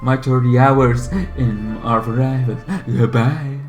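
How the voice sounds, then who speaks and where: A man's voice: mid-range voice, steady tone, takes it slowly, music in the background. A man in his thirties hosting a gaming channel, talking casually and bluntly with frequent swearing and fillers. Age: 30s.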